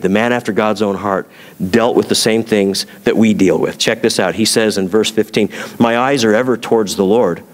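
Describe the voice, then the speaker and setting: Low-voiced pastor preaching in a reverberant hall. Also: male voice. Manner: conversational preaching with rhetorical questions. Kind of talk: sermon.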